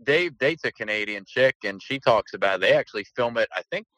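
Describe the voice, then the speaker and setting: A man's voice: mid-range voice, brisk, dry recording, low-quality recording. A young man in casual joking chat about TV, acting out silly voices. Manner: jokey, lively, acts out silly voices.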